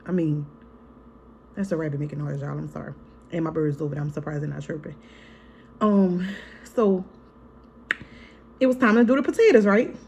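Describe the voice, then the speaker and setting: In a casual vlog, a mother tells a story straight to her viewers, frank and profane, addressing them as "y'all" and "girl" and acting out scenes vividly. Her low, gravelly, darkish voice moves at normal speed with long pauses. The audio has its highs cut off and slight background noise.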